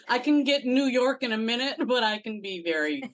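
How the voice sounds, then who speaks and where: A woman's voice: fairly high pitch, animated, normal speed. Friendly woman guest who laughs often. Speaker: podcast guest. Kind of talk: casual interview chat.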